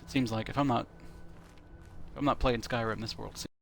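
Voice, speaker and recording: A man's voice: mid-range voice, steady tone, fairly quick, gravelly, fairly bright tone, faint music behind. A man streaming a video game, chatting casually and thinking aloud with plenty of fillers as he plays. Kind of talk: casual commentary while playing. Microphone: console headset.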